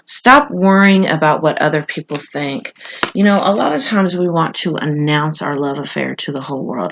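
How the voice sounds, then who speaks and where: A woman's voice: low-pitched, expressive, moderate pace, a bit bright. A woman giving a casual, conversational tarot reading, talking with frequent fillers and asides. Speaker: tarot reader.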